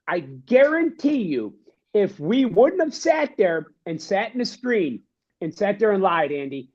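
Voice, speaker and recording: A man's voice: high-pitched, a little mellow. Give me a fired-up, ranting male sports co-host, in dull lo-fi sound. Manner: fired-up, ranting, repeats himself. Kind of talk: sports talk.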